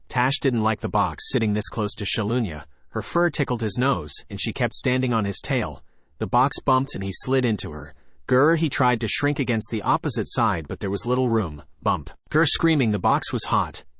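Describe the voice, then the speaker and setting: Male audiobook narrator, low-pitched, dry close recording, steady story reading. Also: husky, no echo. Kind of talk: scripted narration.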